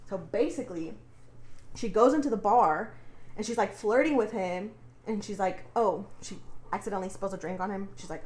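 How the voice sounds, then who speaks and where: A woman's voice: medium pitch, a little fast, darkish tone. A young woman co-hosting a podcast, recapping a book in a casual, chatty way, swearing freely and saying "like" a lot. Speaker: podcast co-host. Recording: echoey room.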